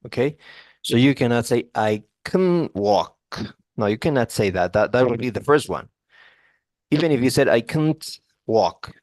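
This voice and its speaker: In a fairly low, darkish voice with no room sound, a man gives a one-on-one English pronunciation lesson as a tutor. He explains patiently, repeats example words, and often restarts.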